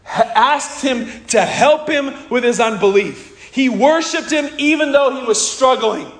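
A pastor preaches a passionate sermon, putting direct questions to the congregation and crying out as he quotes the anguished father. His voice is very high and his pace measured, with a roomy sound.

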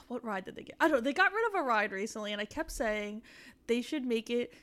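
A young woman co-hosting a podcast, chatting casually about a show and slipping in quick asides. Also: fairly high pitch, lively intonation, a bit bright. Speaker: podcast co-host. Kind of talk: casual chat recapping a show.

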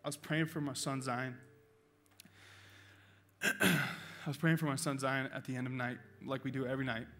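A man's voice: medium pitch, little pitch movement, normal speed, long pauses, bright, forceful tone. A male pastor preaching a sermon in a church, telling a personal story with emotion and urging his congregation passionately. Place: church auditorium.

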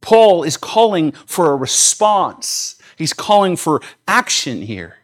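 A man preaching a sermon, swinging from loud, emphatic calls to quiet, explanatory asides, with frequent repeats and restarts. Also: medium pitch, animated, normal speed, hardly any pauses. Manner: repeats words, small restarts. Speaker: pastor.

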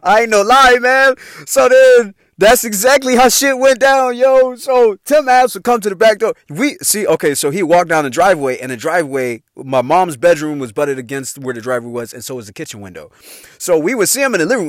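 Animated man telling a story. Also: high-pitched, fast, no echo, studio quality. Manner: animated, profane, laughs often. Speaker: podcast host. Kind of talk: casual storytelling.

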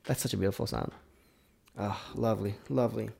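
Gravelly man rambling through a whiskey tasting. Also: fairly low pitch, fairly even intonation, fairly quick, crowd noise. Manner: rambling, self-correcting, muttering asides to himself; drops to near-whispers between louder bursts. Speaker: podcast host. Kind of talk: casual solo whiskey tasting talk.

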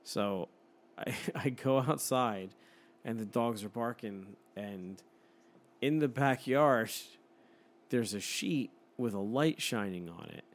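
A man's voice: medium pitch, takes it slowly. A man in his thirties telling a story in casual chat, swearing freely and laughing often.

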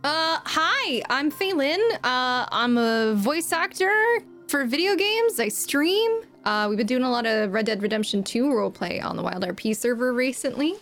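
A woman voice actor signs off in a chatty, enthusiastic way. Her pitch is a little high. Faint music sits in the background. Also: animated, moderate pace, a bit bright. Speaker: voice actor and streamer. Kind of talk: casual stream sign-off.

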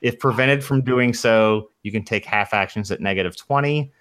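A man's voice: fairly low pitch, normal speed, fairly bright tone. A young man running a tabletop game as game master, reading out rules casually and swearing now and then.

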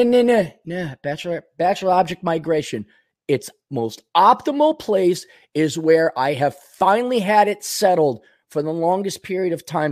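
A man hosting a podcast, rambling through a casual comedic monologue, going from low mutters to sudden outbursts. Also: darkish tone. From Minnesota. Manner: rambling, wisecracking, swings between mutters and outbursts. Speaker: podcast host.

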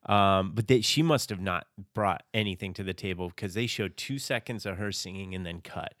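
A man's voice: low voice, normal speed, a bit bright, no echo, clean studio sound. A man co-hosting a casual chat, recapping a show with laid-back, wry remarks. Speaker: podcast co-host recapping a reality show.

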